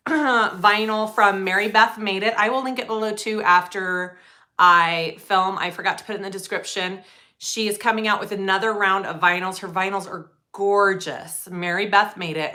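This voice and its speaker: A woman's voice: mid-range voice, sharp tone. A woman hosting a live sewing tutorial, chatting casually and greeting viewers as she works. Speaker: sewing livestream host.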